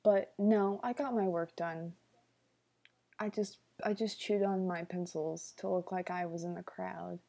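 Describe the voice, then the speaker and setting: A young woman chats slowly and easily through a livestream Q&A, her voice mellow and soft-edged. She jokes with viewers and keeps slipping into quiet, whispered asides, talking into a computer mic. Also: lowish voice, fairly even intonation, creaky. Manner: playful, jokey, drops into whispered asides. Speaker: livestream host. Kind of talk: casual Q&A livestream chat.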